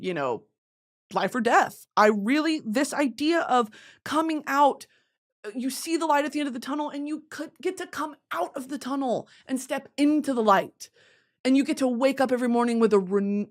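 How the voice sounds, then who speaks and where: A young woman host in casual chat about a book, candid and emotional, swearing freely. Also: fairly high pitch.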